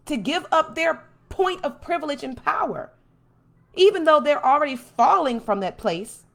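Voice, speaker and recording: A woman hosting a podcast, giving a blunt, emphatic, preachy monologue that swings from calm to loud. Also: high voice, moderate pace. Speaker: podcast host. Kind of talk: impassioned monologue.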